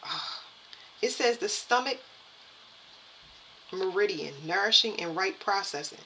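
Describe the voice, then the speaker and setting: A woman giving a spiritual card reading to her viewers, halting and repeating herself as she talks. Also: mid-range voice, expressive, bright, forceful tone, slight background noise, poor audio. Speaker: tarot and energy reader.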